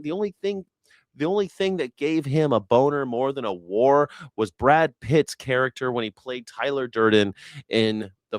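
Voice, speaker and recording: A male host riffing on the news with crude, sarcastic heckling, often cutting in to drag things back on track. His voice sits mid-pitch and sounds dry and close. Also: no echo. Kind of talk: mocking news reaction commentary.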